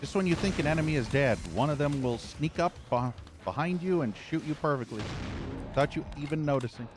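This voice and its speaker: A man's voice: on the high side, expressive, a little fast. A man streaming a shooter game, giving live commentary with frequent profane, frustrated rants. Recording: game music and gunfire behind.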